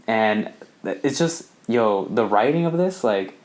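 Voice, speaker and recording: A man co-hosting a podcast in casual chat, relaxed and freely swearing. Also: lowish voice, measured pace, slight background noise. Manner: laid-back, swears casually. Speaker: podcast co-host.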